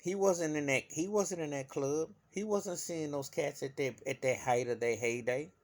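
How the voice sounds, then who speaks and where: Animated man ranting to camera. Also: on the high side, moderate pace. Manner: animated, emphatic, swings from loud to muttering. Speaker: vlogger. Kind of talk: opinion rant to camera.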